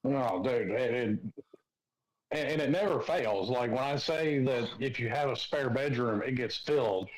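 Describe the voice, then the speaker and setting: Male guest, dry gruff humor, plainspoken. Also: medium pitch, unhurried, rough recording. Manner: gruff, wry, swears casually. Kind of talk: casual chat.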